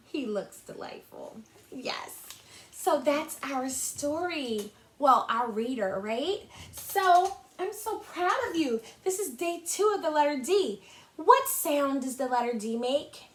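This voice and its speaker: Lady teacher reading to little kids, slow and bouncy, lots of ups and downs, roomy echo. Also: high-pitched, a bit bright. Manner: sing-song and encouraging, slow and exaggerated. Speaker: kindergarten teacher. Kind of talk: reading a picture book to young children.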